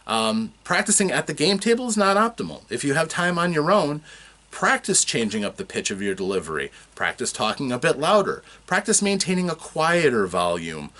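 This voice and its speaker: A man with a Midwestern American accent, a tabletop game tutor explaining voice technique in an animated, demonstrative way. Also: medium pitch. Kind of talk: instructional talk to camera.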